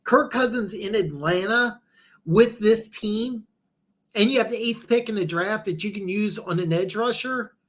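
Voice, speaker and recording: A man hosting a casual football talk show, his voice sitting a bit higher than most men's. He rambles and stammers through restarts, then climbs sharply in pitch when something baffles him. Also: unhurried, a bit bright. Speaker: podcast host.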